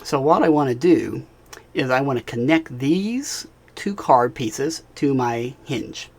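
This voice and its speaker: A man narrating a software tutorial screencast, talking casually as he clicks through steps and checking in with the viewer. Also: medium pitch, expressive, slow. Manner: casual, talks while clicking, frequent "all right" and "right?". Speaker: instructor.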